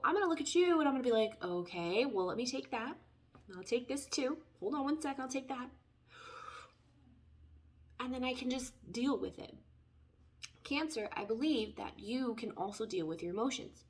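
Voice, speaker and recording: A chatty woman reads tarot cards and talks straight to her viewers. She wanders into side stories and apologizes for them. Her voice swings between loud bursts and soft, near-whispered asides. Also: a little high. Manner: chatty, tangents, lively swings in loudness. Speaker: tarot reader. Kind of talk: casual spoken tarot reading.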